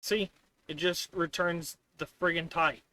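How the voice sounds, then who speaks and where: Slow-talking, bright-voiced exasperated man streamer. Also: fairly high pitch, fairly even intonation, dry recording. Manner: exasperated, rambling, mocks the software in quoted voices. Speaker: live streamer. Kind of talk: casual live-stream commentary while coding.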